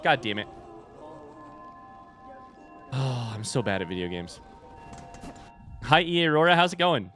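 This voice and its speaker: A man's voice: mid-range voice, lively intonation, unhurried, long pauses, bright, forceful tone, soft background music. A man in his thirties giving casual, chatty commentary while playing a video game, telling stories and poking fun at himself. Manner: chatty, self-mocking, storytelling between fights. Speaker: streamer.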